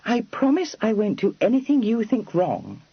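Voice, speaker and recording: A man's voice: wildly swooping pitch, moderate pace, vocal fry, breathy edge, no echo, muffled recording, exaggerated voice. A man putting on a spirited, coaxing young lady. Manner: high, lilting, prim formal phrasing.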